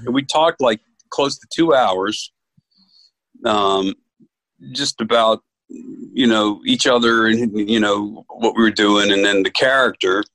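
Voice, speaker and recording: A man from New York, an actor guest, telling stories in a relaxed interview chat and acting out the voices he quotes. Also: fairly low pitch, slow pace, pauses often, dry recording, low-quality recording. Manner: animated storyteller, acts out quoted voices.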